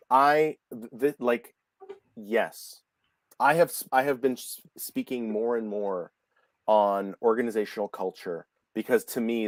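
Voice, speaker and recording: A man's voice: fairly low pitch, steady tone, measured pace, no room sound. Emphatic man hosting a chat. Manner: enthusiastic, emphatic, trips over words. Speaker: host. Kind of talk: casual video-call chat.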